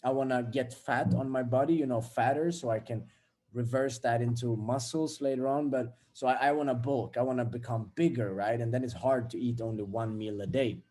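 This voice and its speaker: Young man, mellow warm voice, blunt motivational vlog talk, swears a lot. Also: mid-range voice, fairly even intonation, fairly quick. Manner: blunt, swears freely, acts out everyday scenes. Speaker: self-development vlogger.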